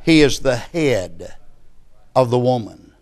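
A man preaching a sermon, speaking slowly and emphatically and building to loud passion. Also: mid-range voice, lively intonation.

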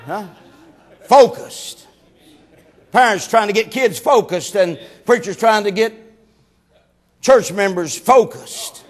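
A preacher with a strikingly high voice and a drawl. He tells a homespun story in a loose, folksy way and climbs into shouted preaching. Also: slow pace, long pauses, some chatter behind. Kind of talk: sermon.

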